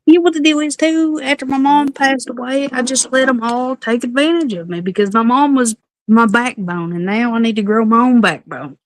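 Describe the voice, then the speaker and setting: A woman's voice: fairly high pitch, normal speed, no room sound. A woman, a guest on a casual livestream, talking candidly and confiding about her family.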